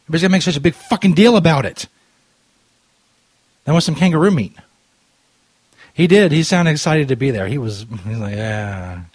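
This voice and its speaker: A man's voice: on the high side, expressive, fairly quick, pauses often, husky, no echo. A man hosting a prank call show, rambling crudely and loosely while drinking, talking into a studio mic. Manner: profane, loose and tipsy, drifting off topic. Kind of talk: crude rambling radio banter.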